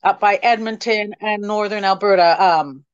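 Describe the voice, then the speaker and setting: A middle-aged woman tells a personal story as an interview guest, halting often with many ums. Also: medium pitch, clear, resonant tone, no room sound, highs cut off. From Canada.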